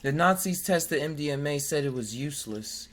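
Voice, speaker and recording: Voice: mid-range voice, animated, moderate pace, a bit bright. A podcast host in casual chat who jokes, laughs often, and stumbles over hard words while reading aloud from web pages.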